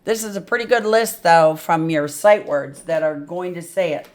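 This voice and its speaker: A middle-aged woman reading tutor with a lowish voice talks at a normal speed while teaching a phonics lesson at a board. She is chatty and thinks aloud as she works through examples.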